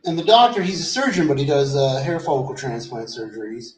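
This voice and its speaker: A man's voice: mid-range voice, animated, brisk. A man telling a loose, rambling story in casual chat, swearing freely and trailing off in fillers. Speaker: vlogger. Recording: roomy echo, distant from the mic.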